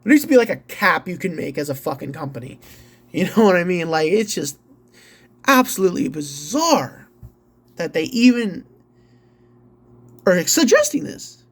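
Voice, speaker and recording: A man's voice: sits high, big pitch swings, normal speed, long pauses, husky. A man ranting angrily about gaming news, reading an article aloud and breaking off with profane, incredulous reactions. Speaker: gaming commentator.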